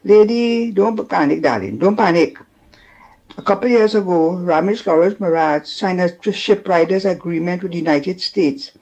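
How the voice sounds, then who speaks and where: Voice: mid-range voice, normal speed, darkish tone. A caller with a Trinidadian accent, talking in a chatty, indignant way and often addressing the host by name. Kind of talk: call-in talk. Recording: dull lo-fi call-in line.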